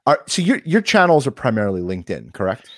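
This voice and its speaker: A man's voice: mid-range voice, very animated, quick pace, fairly bright tone, no echo, clean studio sound. A man on a podcast, chiming in with short questions and interjections in casual talk.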